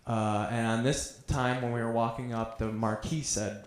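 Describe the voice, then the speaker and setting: A man's voice: medium pitch, flat delivery, moderate pace. A man doing a stand-up set, telling crude stories in a conversational way. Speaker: stand-up comedian. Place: comedy club stage. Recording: roomy club sound.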